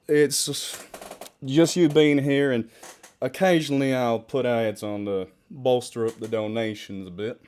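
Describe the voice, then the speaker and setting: A British man whose accent sits between British and American chats casually on a livestream at home, close to a desktop mic. He pokes fun at himself, laughs easily and reacts to viewer comments at a middling pitch. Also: takes it slowly, a little mellow, smooth. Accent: mixed British-American. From United Kingdom. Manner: chatty and self-deprecating, laughs often, reads chat aloud. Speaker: charity livestream host and story narrator. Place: home room with fish tank near the mic. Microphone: desktop microphone.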